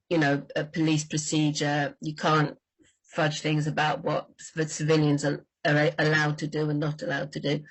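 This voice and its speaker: A woman book doctor talking in a lively, chatty way on a livestream about writing crime fiction. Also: deep voice, breathy edge, poor audio.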